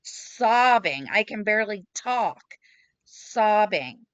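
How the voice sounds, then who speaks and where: A woman's voice: mid-range voice, takes it slowly, fairly bright tone, clear, resonant tone, dry recording. A woman sharing her story frankly and emotionally in a group chat, blunt and self-deprecating, speaking from home over a video call. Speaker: support group member. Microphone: computer mic on a video call. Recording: slightly dull video call audio.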